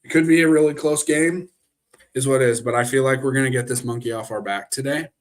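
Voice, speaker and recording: A man's voice: mid-range voice, fast talker. A young man hosting a sports live stream, ranting and rambling with lots of fillers and restarts, talking straight into his camera. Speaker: sports show host. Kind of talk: casual live stream chat. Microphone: webcam.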